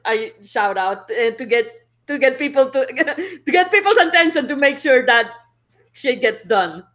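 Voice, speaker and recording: A woman's voice: sits high, lively intonation, measured pace, a bit bright. A woman playing in a tabletop game, casual and swearing freely. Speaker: player.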